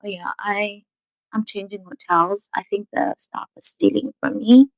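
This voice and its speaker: A woman voicing a calm, wealthy young woman who speaks softly and with composure. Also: medium pitch, measured pace, no room sound, close to an everyday voice, poor audio.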